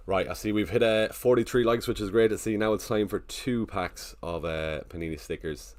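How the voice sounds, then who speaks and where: A man's voice: on the low side, normal speed, a little mellow. A man casually chatting on a live stream, thinking aloud and greeting viewers in the chat. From Ireland.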